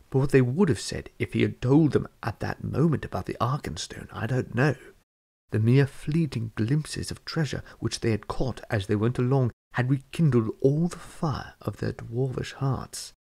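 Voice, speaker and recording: A man narrating a fantasy storybook chapter in a measured reading voice. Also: medium pitch, vocal fry, warm tone, husky. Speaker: audiobook reader.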